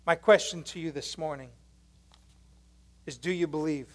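High-pitched guy preaching a sermon, lively storytelling, chatty slang. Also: moderate pace. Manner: animated storytelling, asks the congregation questions; casual slangy phrasing. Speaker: pastor.

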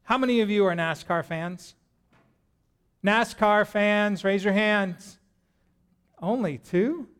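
Male pastor, middle-aged, smooth resonant voice, playful sermon to a congregation. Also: high voice, slow pace, long pauses. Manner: lively, jokey, addresses the congregation directly. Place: church hall with a congregation.

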